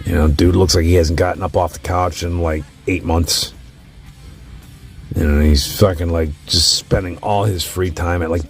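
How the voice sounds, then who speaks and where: A man casually ranking music in a profane, opinionated rant. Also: low-pitched. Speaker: host.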